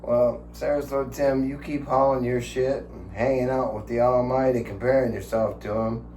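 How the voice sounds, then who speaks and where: A man's voice: medium pitch, steady tone, moderate pace, a little mellow. Man in his sixties, vlogger, profane, chuckling, echoey room, faint hum. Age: 60s. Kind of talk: rambling casual vlog. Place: his home.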